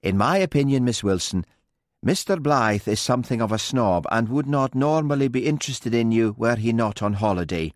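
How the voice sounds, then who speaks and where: A man voicing a calm, blunt village police constable in an audiobook, measured and plain-spoken. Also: mid-range voice, dry recording, clean studio sound, lightly acted.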